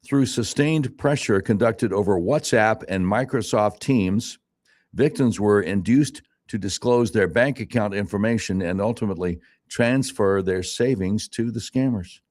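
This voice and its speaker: A male talk radio host who reads the news aloud with sarcastic asides and then tells his own stories in an animated, emphatic way. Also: on the low side, unhurried. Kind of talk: casual talk radio commentary. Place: radio studio.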